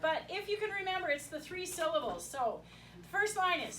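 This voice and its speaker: A woman's voice: very high-pitched, very animated, a little fast, fairly bright tone, a little hiss or hum. A Canadian woman folk singer singing and chatting with her audience at a live cafe concert. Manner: chatty, laughing, coaxing the audience to sing along. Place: small cafe venue with audience. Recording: roomy live recording from a distance, with crowd and music.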